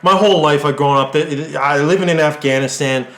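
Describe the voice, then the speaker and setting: Here is a furious male centaur refugee who swears through every answer, voice pushed high and loud, a man putting him on. The sound is echoey, as if caught in a bare room. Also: brisk. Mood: emotional. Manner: shouting, swearing, indignant. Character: angry foul-mouthed male centaur refugee.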